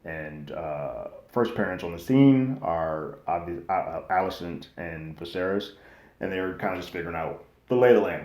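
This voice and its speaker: Brief: low-voiced male host, casual slangy show recap, echoey room. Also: moderate pace. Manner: slangy and animated, acting out quotes loosely. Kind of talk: casual episode recap and review.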